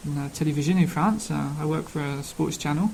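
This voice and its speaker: A man's voice: on the high side, fairly even intonation, fairly quick, vocal fry, a little mellow, slight background noise, rough recording. A man with a Cockney London accent introducing himself casually, rambling with many ums and uhs. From England. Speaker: language learning speaker.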